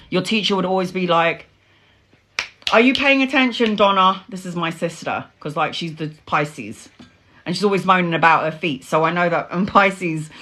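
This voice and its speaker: A middle-aged woman, a tarot reader telling stories in casual, animated chat and swearing freely. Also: on the low side.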